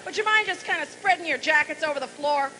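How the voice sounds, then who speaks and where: A woman with a high, brassy voice works through bawdy stage jokes, salty and mock-forgetful as she goes. She is recorded live in a large, boomy venue. Loud audience noise sits under her the whole time. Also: quick pace. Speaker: stand-up comedian and singer.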